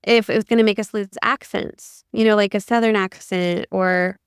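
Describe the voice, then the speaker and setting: A middle-aged woman from Ohio talks in a chatty, rambling way, full of "like"s. Her voice is smooth and clear, recorded close and dry with no room sound. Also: medium pitch, steady tone, normal speed, no echo. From Ohio, USA. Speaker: podcast co-host. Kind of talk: casual conversation.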